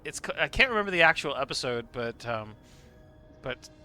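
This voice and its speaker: A man's voice: medium pitch, sing-song, a little fast, bright, forceful tone, faint music behind. A man chatting casually on his live game stream, laughing often and swearing freely.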